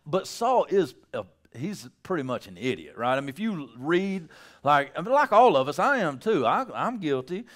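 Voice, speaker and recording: A male pastor preaching with a very lively, animated pitch that swings up and down. He talks loosely and conversationally, and acts out the people in his stories with playful voices. His voice sits a bit higher than most men's. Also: normal speed. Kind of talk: sermon.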